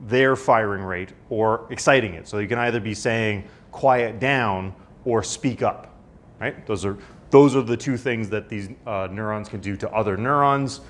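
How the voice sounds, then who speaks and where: Chatty male lecturer explaining the brain. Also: normal speed. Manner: conversational, with frequent "right?" and restarts; acts out voices with sudden high outbursts. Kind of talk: university lecture.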